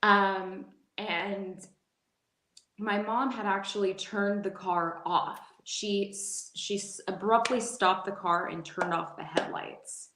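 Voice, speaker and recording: Woman guest in her 40s, animated storyteller who laughs easily and restarts her sentences, recorded in a roomy, echoey space. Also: medium pitch, slow, slight background noise. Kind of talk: casual storytelling interview. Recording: echoey room.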